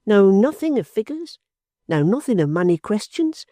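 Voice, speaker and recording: An excitable, puffing older clerk, as the male narrator puts him on, whose voice jumps up high in quick, emphatic bursts. His audiobook lines come in short snorting spurts. The sound is mellow and dry, with no room around it. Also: no room sound. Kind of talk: audiobook character voice.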